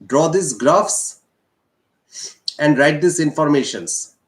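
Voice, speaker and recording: A male teacher with an Indian English accent, slowly explaining a physics lesson and repeating key points. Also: a little high. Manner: slow, repetitive explaining. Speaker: science teacher.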